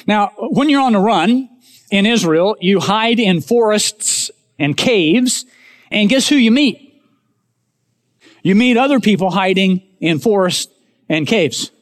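A man preaching a sermon as pastor, emphatic, rising to raised declarations and dropping to hushed asides while speaking directly to his congregation. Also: sits high, expressive, takes it slowly. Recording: long hall reverb.

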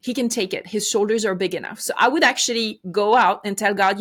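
A woman's voice: medium pitch, fairly quick, a bit bright. A middle-aged woman speaking as a guest in a faith interview, reflective and earnest, often restarting her sentences.

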